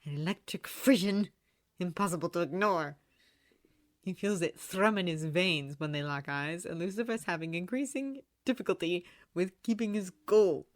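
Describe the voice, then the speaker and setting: A woman reading fanfiction aloud in an animated storytelling manner, close to the microphone. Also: on the low side, moderate pace, dry recording. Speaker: audiobook reader. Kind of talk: fanfiction narration.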